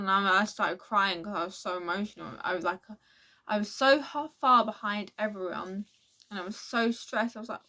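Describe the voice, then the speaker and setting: A teenage girl talks through a casual storytime vlog. She rambles, restarts sentences and acts out quotes from others, at an everyday middle pitch. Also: moderate pace, sharp tone. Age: teens. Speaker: vlogger.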